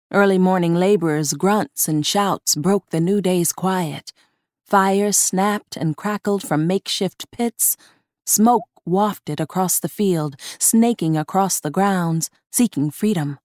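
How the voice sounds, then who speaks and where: A woman narrating a horror short story in a measured, deliberate reading. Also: lowish voice, a little mellow, dry recording, clean studio sound.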